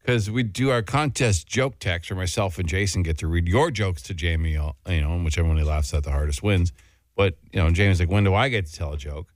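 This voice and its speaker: A man hosting a morning radio show, introducing a segment in animated banter with his co-hosts. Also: deep voice, brisk, no room sound, clean studio sound.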